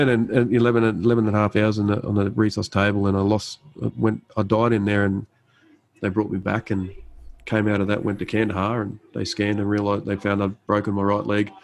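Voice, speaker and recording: A man's voice: fairly low pitch, monotone, a little fast, poor audio. A man in his thirties, a guest and army medic, telling his story casually with lots of fillers and restarts, acting out the dialogue. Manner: laid-back, frequent fillers and restarts, acts out quoted dialogue. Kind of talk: conversational storytelling.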